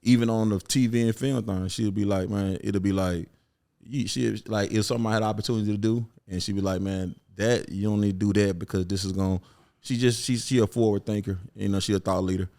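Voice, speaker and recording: Memphis man, Southern accent, low relaxed podcast guest voice. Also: brisk, vocal fry. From Memphis, USA. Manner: laid-back, repeats "you know what I'm saying". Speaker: guest musician. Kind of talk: casual podcast chat.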